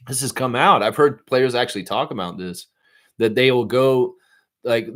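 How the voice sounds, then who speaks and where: Southern-accented man chatting on a livestream. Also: medium pitch. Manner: animated, rambling, quotes imagined voices. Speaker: livestream host. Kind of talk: casual live-stream chat reading comments.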